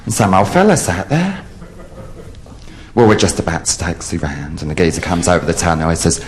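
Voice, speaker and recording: A man in drag, telling bawdy stand-up jokes on a theatre stage with brash, lively delivery. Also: low voice, brisk. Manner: brash, lively storytelling with sudden loud outbursts. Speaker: drag comedian. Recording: live theatre audience, faint hiss.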